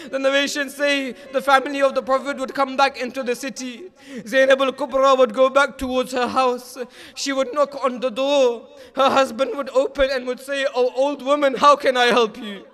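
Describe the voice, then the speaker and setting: A man preaching a mourning sermon, narrating with passion and rising to shouts at its peaks. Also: very high voice, level tone, normal speed.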